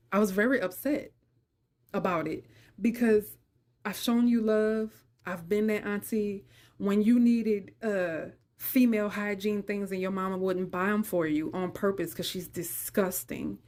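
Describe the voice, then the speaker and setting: A middle-aged woman hosts a podcast, her medium-pitched voice a little mellow. She tells a personal story emotionally and conversationally, speaking straight to her listeners.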